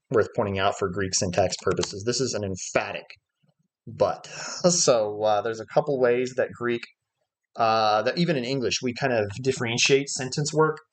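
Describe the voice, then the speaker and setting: A man teaching a livestreamed Bible study in an ordinary mid-range voice. He works through Greek terms one at a time and thinks aloud, pausing often on "uh" as he explains. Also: medium pitch, a little hiss or hum. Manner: explains Greek words step by step, thinking aloud with frequent "uh" fillers. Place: church livestream.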